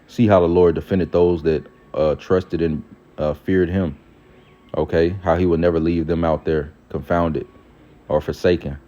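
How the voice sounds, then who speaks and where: Male preacher, very low and mellow, loose conversational sermon, lo-fi sound. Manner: casual, repeats "all right" and "man", pauses to look up verses. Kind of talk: informal scripture teaching.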